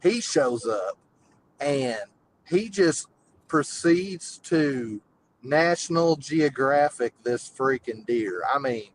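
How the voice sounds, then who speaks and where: A man's voice: mid-range voice, lively intonation, slow pace, slight background noise, low-quality recording. A man calls in and tells a long, rambling story full of fillers. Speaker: caller. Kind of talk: casual storytelling.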